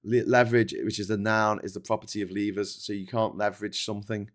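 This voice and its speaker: A man's voice: fairly low pitch, level tone, quick pace. A British man in his fifties hosting a casual live stream, reading viewer comments and ranting with plenty of swearing and restarts. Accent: British English. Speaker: livestream host.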